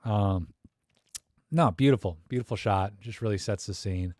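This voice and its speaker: A man hosts a live stream, critiquing viewer photos in a joking, rambling chat where he thinks aloud with lots of fillers. His voice is fairly low, mellow and at normal speed, recorded in studio quality with no room sound.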